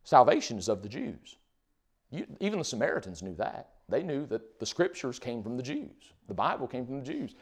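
A man's voice: medium pitch, sing-song, normal speed, breathy edge. A man preaching a sermon in a conversational way, full of rhetorical questions.

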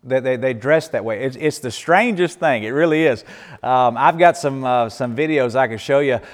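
A medium-pitched man talks at normal speed in an echoey hall with long reverb. He's a missionary speaker at a church Q&A, answering questions and telling folksy tales while frequently laughing and beginning his sentences again.

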